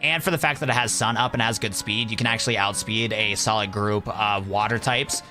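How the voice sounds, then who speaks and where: A man's voice: on the low side, steady tone, a little fast, bright, forceful tone, faint music behind. A young man chatting casually on a live stream, rambling and laid-back, calling his viewers "bro".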